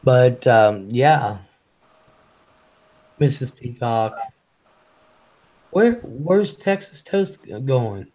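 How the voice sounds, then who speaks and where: A man hosting a casual live stream. He talks fast, swears freely and reads chat messages aloud. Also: mid-range voice, expressive, a little mellow.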